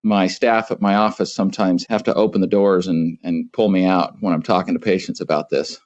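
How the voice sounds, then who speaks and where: Middle-aged doctor guy, lowish voice, gets animated, stumbles on words, muffled lo-fi sound. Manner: animated, halting with fillers and repeats. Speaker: family doctor, guest. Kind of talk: podcast interview.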